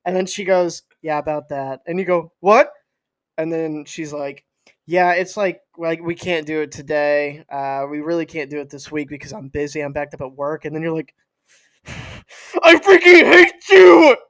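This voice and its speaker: A man's voice: a little high, fairly even intonation, moderate pace, no echo. A young man co-hosting a podcast in casual chat, laughing along and telling playful stories. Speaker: podcast co-host.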